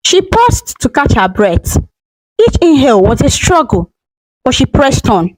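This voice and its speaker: A woman narrating a folktale in a gentle, emotional scripted reading. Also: sits high, very animated, measured pace, dry recording, low-quality recording. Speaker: storyteller.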